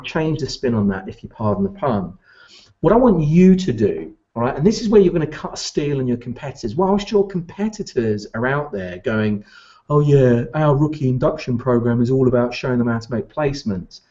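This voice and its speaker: Animated male business coach, lo-fi. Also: medium pitch. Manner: animated, addresses listener directly with rhetorical questions. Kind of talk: direct-to-camera coaching talk.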